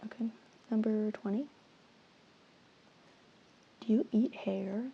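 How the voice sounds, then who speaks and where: A woman's voice: mid-range voice, fairly even intonation, slow, gravelly, breathy edge, dull audio. Woman in playful whispered role-play. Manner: playful, teasing, mock-stern. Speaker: ASMR creator.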